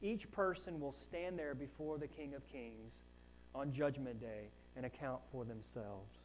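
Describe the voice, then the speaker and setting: A man's voice: mid-range voice, measured pace, slight background noise, rough recording. A man preaching a sermon in a conversational way, with asides and rising emphasis on key points. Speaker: pastor.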